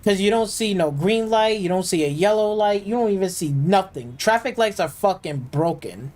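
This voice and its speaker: Speaking at a moderate pace, this high-voiced, animated man sounds a little mellow, though the recording is rough. He's a gaming streamer giving live gameplay commentary, constantly swearing and complaining in a rambling, filler-heavy style that keeps restarting.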